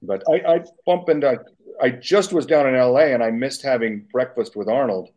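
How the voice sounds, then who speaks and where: A man's voice: medium pitch, moderate pace, darkish tone. A man in his sixties, a guest makeup artist, telling casual stories in a rambling, self-correcting way with chuckles, speaking over a remote video call. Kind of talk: casual anecdotal storytelling.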